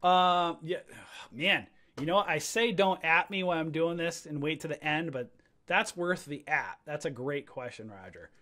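Man, slightly high voice, fired-up trading teacher, ranting webinar, preacher-style calls to viewers. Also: normal speed, bright, forceful tone. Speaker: trading educator. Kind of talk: livestream webinar on stock charts.

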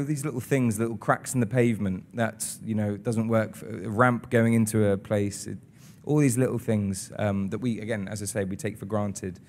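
Earnest man with a low voice. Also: darkish tone. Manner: earnest and reflective, with many halting restarts. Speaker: actor being interviewed. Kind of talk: casual interview talk. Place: studio interview in front of an audience.

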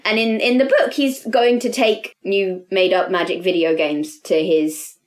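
A woman co-hosts a chatty book podcast at a middling pitch. Her sentences trail off and restart, and her pitch jumps up when she gets animated. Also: unhurried. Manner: animated, trailing, laughing asides. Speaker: podcast co-host. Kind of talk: casual book chat.

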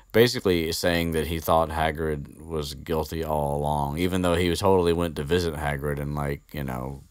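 Very deep-voiced man rambling casually. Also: smooth, dry recording, clean studio sound. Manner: rambling, chatty, swears casually. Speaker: podcast host. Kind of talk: casual book recap.

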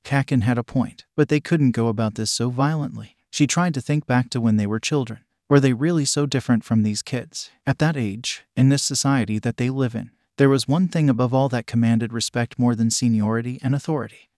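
A man narrating a fan fiction story in a steady, even reading. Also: medium pitch, brisk, hardly any pauses, dry recording, studio quality.

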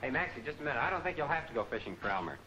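An actor playing a wisecracking sidekick who teases and questions a fool, in 1940s film comedy acting. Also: male voice, medium pitch, very animated, sharp tone, a little hiss or hum, rough recording. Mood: teasing. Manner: quick, teasing questioning.

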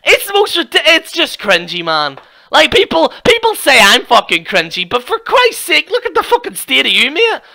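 Guy ranting on youtube, gravelly and sharp sounding, sweary and mocking. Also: extremely high pitch, wildly swooping pitch, normal speed. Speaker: YouTube commentator. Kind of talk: ranting reaction commentary.

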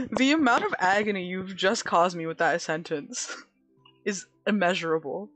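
A woman's voice: fairly low pitch, normal speed, a bit bright, no echo. Woman, live streamer, giggly, dramatic, dry close recording, faint background music. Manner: giggly and dramatic, laughing often. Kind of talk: casual live-stream chat with viewers.

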